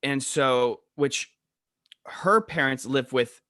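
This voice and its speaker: A young man tells loose, wandering anecdotes in casual podcast chat, stopping now and then to get the details straight. His voice sits at an ordinary middle pitch. The recording is dry and close. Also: bright, forceful tone, no room sound. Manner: rambling anecdotes, slows down to sort out details. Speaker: podcast co-host.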